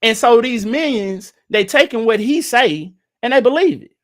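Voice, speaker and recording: A man's voice: extremely high pitch, lively intonation, moderate pace, fairly bright tone. A man hosting a casual livestream, giving blunt commentary, laughing often and mocking what he disagrees with.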